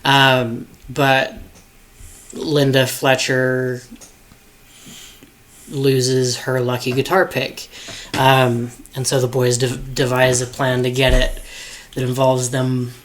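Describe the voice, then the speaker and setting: A man's voice: mid-range voice, monotone, slow pace, fairly bright tone, low-quality recording. A man co-hosting a podcast, brainstorming hesitantly with many fillers and restarts. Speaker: podcast co-host. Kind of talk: casual brainstorming chat.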